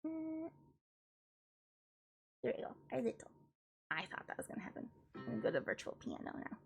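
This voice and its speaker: Young female streamer, self-mocking, high lively voice, casual warm-up chat. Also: brisk, vocal fry, faint music behind. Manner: joking, self-deprecating, chatty. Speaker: streamer and classical vocalist. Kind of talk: casual livestream chat with vocal warm-ups.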